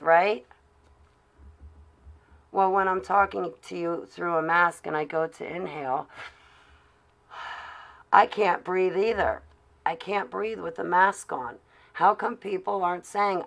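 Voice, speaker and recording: A woman's voice: fairly low pitch, slow, pauses often, a bit bright. A woman live-streaming to her chat from her car while driving, talking casually and sarcastically in a ranting way.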